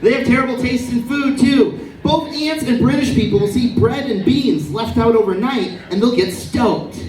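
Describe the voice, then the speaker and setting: Stand-up comic, man in his 30s, high voice, unhurried absurd delivery; distant live-room recording with echo and crowd laughs. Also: a little hiss or hum. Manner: absurd deadpan storytelling. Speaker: stand-up comedian. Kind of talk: stand-up comedy set. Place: comedy venue stage. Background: audience laughing.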